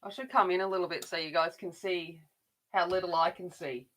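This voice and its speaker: A woman's voice: fairly low pitch, fairly even intonation, a little fast, fairly bright tone. A middle-aged woman chatting casually while colouring, rambling along with frequent restarts. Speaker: adult colouring channel host.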